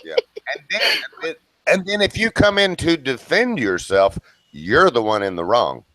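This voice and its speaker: A man with a Southern US accent chatting casually on a livestream, with a relaxed drawl full of "you know.". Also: mid-range voice, moderate pace, no room sound, rough recording. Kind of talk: casual chat.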